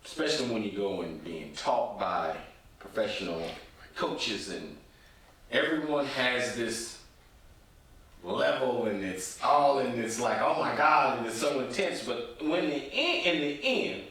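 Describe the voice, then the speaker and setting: A man's voice: medium pitch, lively intonation, measured pace, fairly bright tone. A man hosting a casual podcast chat, talking in an encouraging and emphatic way. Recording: echoey, distant from the mic.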